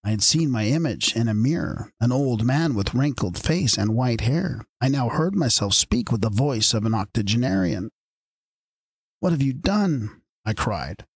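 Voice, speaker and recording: Man, audiobook narrator, measured storytelling, husky voice, dry close recording. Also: medium pitch, lively intonation, no room sound.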